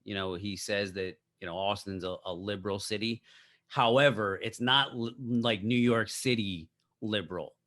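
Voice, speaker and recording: A man co-hosting a podcast, chatting casually in a fairly low voice. He is laid-back and mostly chimes in with short agreeing remarks. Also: moderate pace, fairly bright tone. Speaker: podcast co-host. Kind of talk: casual chat.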